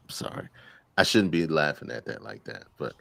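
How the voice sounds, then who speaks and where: A man co-hosting a podcast, chatting casually in a slangy, animated way and laughing often. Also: a bass voice, vocal fry, slight background noise. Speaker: podcast co-host. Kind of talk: casual chat.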